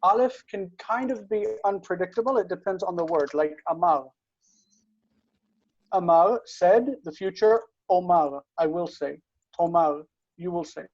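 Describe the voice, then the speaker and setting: Over a muffled video call, a Hebrew teacher explains grammar patiently, often restarting and using fillers. The voice sits at medium pitch with a darkish tone, animated but a little slow.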